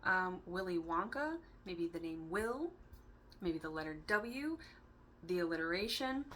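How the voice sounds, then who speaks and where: Woman, tarot reader vlog. Bright, forward tone; loose, giggly, free-associating delivery. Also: medium pitch, slight background noise. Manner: chatty, giggly and playful. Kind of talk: casual tarot reading.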